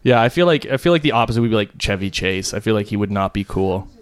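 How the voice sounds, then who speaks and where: A young man hosts a relaxed podcast chat with friends. He rambles and circles back, packing his sentences with fillers. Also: lowish voice, fast, clean tone. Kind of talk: casual chat.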